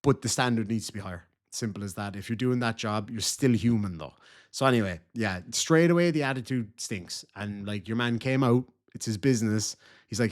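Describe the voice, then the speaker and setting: A man's voice: medium pitch, expressive, a little fast. An Irish man hosting a reaction video, commenting casually in a chatty, rambling way and often correcting himself.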